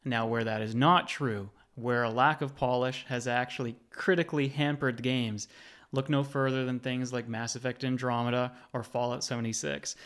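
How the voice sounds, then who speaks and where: Man in his thirties, mid-pitched, hosting a gaming video essay with easy, wry narration. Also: steady tone, moderate pace, fairly bright tone.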